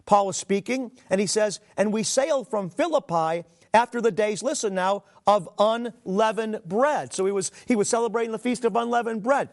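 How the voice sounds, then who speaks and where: A man's voice: sits high, normal speed, few pauses. A middle-aged man preaching a sermon, reading scripture aloud and addressing listeners directly with earnest emphasis. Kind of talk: sermon teaching.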